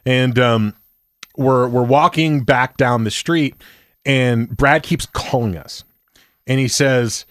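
A young man tells a lively party story in a relaxed chat and jumps into the voices of his friends as he goes. His pitch is average for a man. The recording is dry and close, with no room sound. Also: takes it slowly, no echo. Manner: animated storyteller, acts out quotes.

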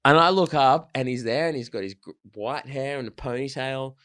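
A man, telling band stories in a casual, animated way, swearing and restarting often. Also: mid-range voice, normal speed, no room sound, studio quality. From Australia. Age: 30s. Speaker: band member, guest. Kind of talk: casual storytelling.

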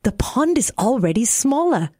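A woman's voice: a little high, sing-song, normal speed, a little mellow, no echo, studio quality, voice pushed up. A woman voicing a fussy male frog who lectures in a prim tone, in a storybook reading.

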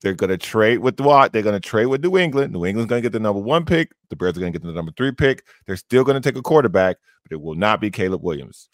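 A man's voice: lowish voice, very animated, fast, few pauses, no echo, clean studio sound. A man co-hosting a sports radio show, making brash, confident predictions in casual chat. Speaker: radio co-host.

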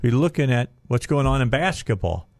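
A man's voice: medium pitch, lively intonation, moderate pace, a little mellow, no room sound, faint music behind. Chatty male radio host, dry sound. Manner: rambling, chatty, trails off and restarts. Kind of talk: casual radio chat.

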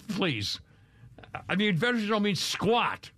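A man's voice: high-pitched, expressive, a little slow, a bit bright, no echo. A man hosting a talk radio show in a studio, rambling and opinionated, often laughing and mimicking people. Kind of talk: casual talk radio chat. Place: radio studio with video cameras. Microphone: studio microphone.

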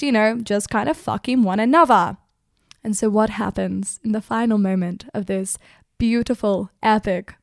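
A woman's voice: fairly high pitch, no room sound, clean studio sound. A woman hosting irreverent literary commentary, speaking crudely and laughing often as she talks. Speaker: host.

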